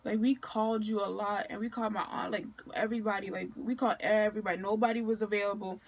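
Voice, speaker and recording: A woman's voice: mid-range voice, steady tone, quick pace. Young adult woman, Maryland, casual storytime vlogger, chatty, slangy, filler-heavy. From Maryland, USA.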